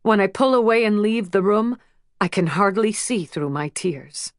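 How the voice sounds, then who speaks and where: A woman narrating an audiobook in a measured, emotional first-person reading. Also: medium pitch, lively intonation, no echo, clean studio sound. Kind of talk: scripted narration.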